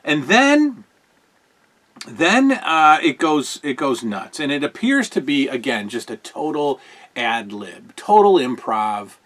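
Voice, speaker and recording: A middle-aged man hosting a podcast, reviewing old wrestling shows in casual, rambling talk. He gets excitable and often restarts his sentences. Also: a little high, takes it slowly. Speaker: podcast host.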